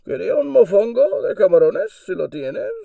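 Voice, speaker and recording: A man doing an impression of a masked male villain, speaking in a slow, calculated sing-song through a cup for a muffled tin-can sound, with a Castilian Spanish accent. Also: high-pitched, very animated, creaky, mellow, no room sound, voice pushed up, exaggerated voice. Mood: menacing polite.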